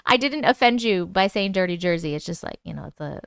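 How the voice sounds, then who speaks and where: Lively chatty woman with a New York accent. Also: medium pitch, fast talker, vocal fry, clean tone, no echo, studio quality. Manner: chatty, animated, reads comments aloud. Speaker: live stream host. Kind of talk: casual live chat, reading viewer comments.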